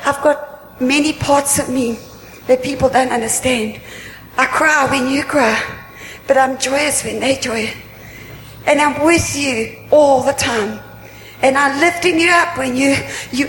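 Woman preacher, high voice, earnest pleading sermon, echoey church hall from far off. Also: a bit bright. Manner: earnest, repetitive, pleading questions. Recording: echoey hall, faint room noise.

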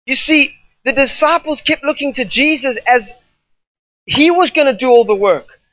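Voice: high-pitched, moderate pace, a bit bright, no echo, lo-fi sound. A preacher delivering a sermon to a gathering, talking in an emphatic, repetitive way with rambling asides.

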